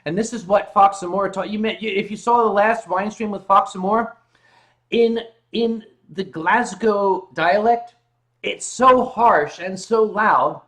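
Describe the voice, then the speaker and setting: A man's voice: high-pitched, measured pace. A man hosting a casual comedic chat from his sofa at home, joking and reading viewer comments aloud. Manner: joking, reads chat comments aloud, bursts into loud mock shouting. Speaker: host. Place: home living room, on a sofa.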